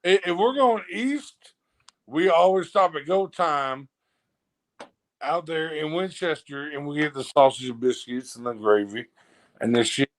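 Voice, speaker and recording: A man's voice: on the high side, lively intonation, measured pace. Man, casual profane banter, rambling and hesitant delivery. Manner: rambling, swears a lot, hesitant.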